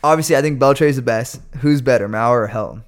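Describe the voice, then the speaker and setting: A young man with a voice of middling pitch, chatting casually as co-host. He tells stories in an animated, joking way. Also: fairly quick. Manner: animated storytelling, jokey. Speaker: podcast co-host. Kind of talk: casual chat.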